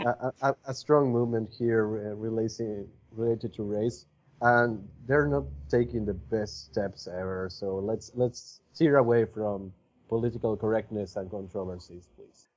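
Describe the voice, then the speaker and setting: A man's voice: on the low side, moderate pace, darkish tone. A man co-hosting a podcast, talking casually with many hesitations and restarts. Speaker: podcast co-host. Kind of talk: casual chat. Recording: dull lo-fi audio.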